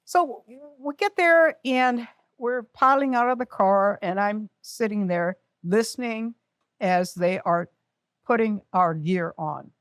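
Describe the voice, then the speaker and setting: A woman's voice: mid-range voice, takes it slowly, clear, resonant tone, no echo, clean studio sound. An older woman telling an emotional personal story on stage, candid and self-mocking. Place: community center event.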